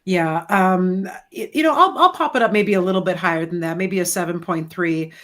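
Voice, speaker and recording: A co-host on a live stream, talking calmly and a little haltingly about a rap song. The voice sits in a middle range, and the speech is thoughtful and full of pauses. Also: medium pitch. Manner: measured, hesitant, filler-heavy. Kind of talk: casual livestream commentary.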